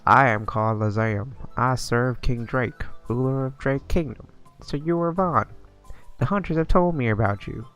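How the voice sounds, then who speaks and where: A man's voice: mid-range voice, normal speed, a bit bright, soft background music, natural voice. A man voicing a formal, grateful male royal envoy in a put-on Southern US accent, reading the lines with stiff formality. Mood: earnest, formal.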